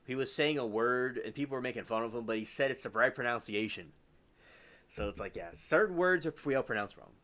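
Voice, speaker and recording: A man's voice: medium pitch, expressive, brisk, pushed and bright. A man hosting a casual livestream, rambling about the news and reading viewer comments aloud. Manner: rambling, reads chat aloud and answers viewers. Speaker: livestream host.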